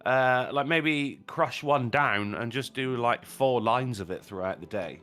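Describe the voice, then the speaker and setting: A man's voice: medium pitch, a little slow, a bit bright. A man telling swearing pub stories on a casual stream. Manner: swearing anecdote-teller who acts out other people. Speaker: co-host. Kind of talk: casual podcast banter.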